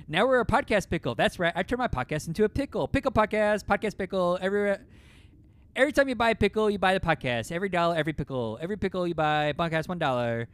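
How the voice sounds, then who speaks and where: A man's voice: high voice, animated, quick pace, fairly bright tone. A man co-hosting a comedy improv podcast, riffing in a goofy, playful way. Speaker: podcast co-host playing the hero.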